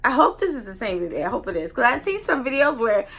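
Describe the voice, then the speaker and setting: A young woman vlogging an unboxing in a casual, gushing way, full of excited exclamations. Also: on the high side, quick pace, vocal fry, slightly rough, rough recording. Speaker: doll collector vlogger.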